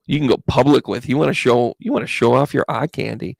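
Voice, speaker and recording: A man's voice: mid-range voice, quick pace, gravelly, hardly any pauses, no room sound. A man giving live-stream tarot readings as a psychic medium, chatting casually and greeting viewers by name as he thinks aloud over each card.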